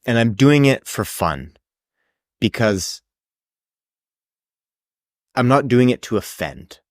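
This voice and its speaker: A man's voice: medium pitch, slow pace, dry recording, studio quality. A man with a Canadian accent, co-hosting a casual podcast chat, swearing freely and restarting his sentences. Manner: swears a lot, restarts, animated. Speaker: podcast co-host.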